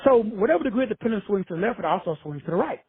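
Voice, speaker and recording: Man, motivational talk, high-pitched, husky, dry tinny phone-line sound. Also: very animated, very fast, no room sound. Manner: preachy, addresses listeners as brothers and sisters; casual, with frequent swearing. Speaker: self-help speaker.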